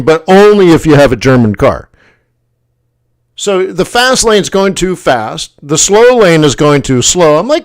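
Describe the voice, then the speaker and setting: A man hosting a casual forex livestream tells a story in an animated way, his voice sitting high. He often acts out quoted voices and laughs.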